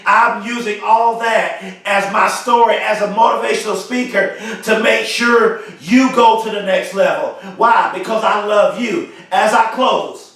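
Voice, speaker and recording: A man giving a motivational speech, emphatic and repetitive, stretching key phrases slowly for emphasis. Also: high-pitched, a bit bright. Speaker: motivational speaker. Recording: very echoey room, mic far off.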